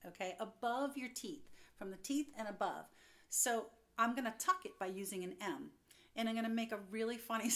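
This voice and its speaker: A young woman giving a singing lesson, upbeat and chatty, explaining as she goes. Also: mid-range voice. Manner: upbeat, explains with quick demos and laughs. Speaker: vocal coach.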